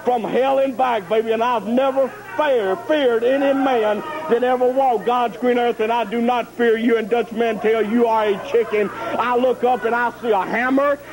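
A man's voice: extremely high pitch, fairly even intonation, normal speed, few pauses, rough recording. A man cutting a boastful, taunting wrestling promo in rhyming, preacher-like brags, heard from an archive TV clip. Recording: archive TV clip with cheering crowd.

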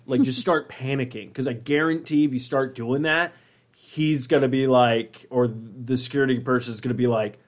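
A young man with a mid-pitched voice chats casually with a co-host. He rambles and jokes, stacking up fillers and restarts as he talks. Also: normal speed. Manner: rambling, joking, filler-heavy. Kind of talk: casual chat.

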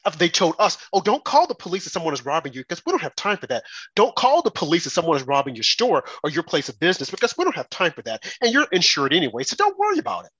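An indignant man delivers political commentary, and his husky voice swings widely in pitch. He mocks his opponents in rhetorical put-on quotes. The sound is dry and close. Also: huge pitch swings, fast talker, hardly any pauses, sharp tone, no echo, lo-fi sound.

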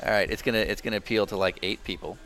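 A man's voice: lowish voice, steady tone, racing, a bit bright. A man co-hosting a casual interview with a dry, teasing manner. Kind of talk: casual chat.

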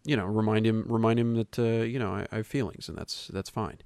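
A man with a fairly low voice talks in a relaxed, rambling way. His humor is dry, he drifts off on tangents, and the recording is close and dry. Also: brisk, gravelly, no echo. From Texas. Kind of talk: casual chat.

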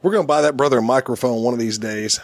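A man's voice: mid-range voice, very fast, no echo, clean studio sound. A man in his thirties hosting a casual podcast, joking, laughing often and rambling with restarts. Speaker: podcast host.

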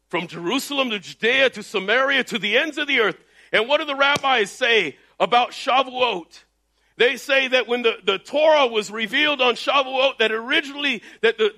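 A man preaching a sermon loudly and emphatically, his voice rising in bursts as he exhorts the congregation. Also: very high voice. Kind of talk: energetic sermon. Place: Texas.

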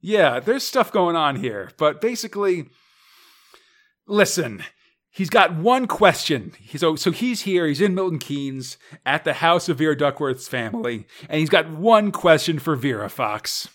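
A man's voice: a little high, very animated, measured pace, a bit bright. A man co-hosting a casual podcast, recapping a comic story in a rambling way with lots of fillers and laughs. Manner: rambling, many "like" fillers and restarts, laughs often. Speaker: podcast co-host.

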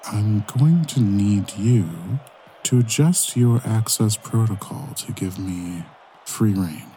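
A man voicing a sly artificial-intelligence hacker companion in a tabletop game, speaking low and hushed. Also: slow pace, soft background music.

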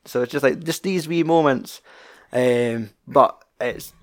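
A man's voice: medium pitch, unhurried. A young man with a Scottish accent chatting casually about a film, rambling and swearing freely.

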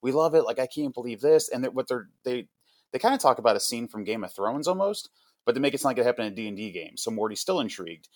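Male podcast host, chatty and animated storyteller, mid-range voice, dry booth sound. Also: medium pitch, fast talker, no room sound. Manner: animated storytelling with frequent fillers. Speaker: podcast host reviewing a comic. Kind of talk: casual podcast chat.

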